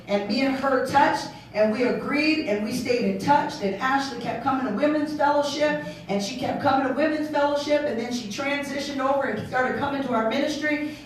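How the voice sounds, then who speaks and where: A woman pastor preaching a sermon in a lively, playful way, acting out voices and laughing along. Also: sits high, slight background noise. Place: church hall. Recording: echoey hall, mic far off.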